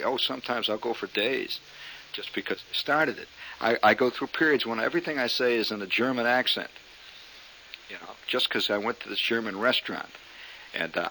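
A man's voice: medium pitch, gravelly, bright, forceful tone, slight background noise, rough recording. A male comedian telling a rambling story full of fillers and restarts. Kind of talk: stand-up storytelling.

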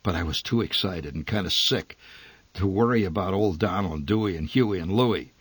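A man reading a humorous memoir story aloud, with a wry, dry and lively delivery. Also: low-pitched, normal speed, breathy edge, no echo. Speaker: narrator.

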